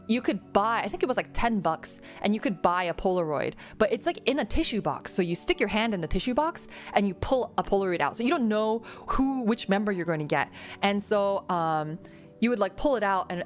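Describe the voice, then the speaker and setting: A young woman streaming a casual Q&A, rambling through stories with lots of fillers, restarts and giggles. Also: mid-range voice. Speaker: VTuber streamer. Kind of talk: casual Q&A chat.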